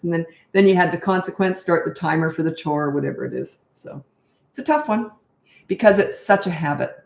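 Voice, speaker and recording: A woman's voice: sits low, lively intonation, a little fast, vocal fry, darkish tone, reverberant. An older woman, a parenting coach, answering viewer questions in a frank, chatty live Q&A and thinking aloud as she goes.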